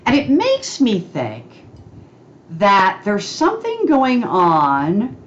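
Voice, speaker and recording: A woman's voice: medium pitch, huge pitch swings, slow, highs cut off, slight background noise. A woman giving an informal astrology talk, chatty and checking in with listeners by asking "okay?" as she goes.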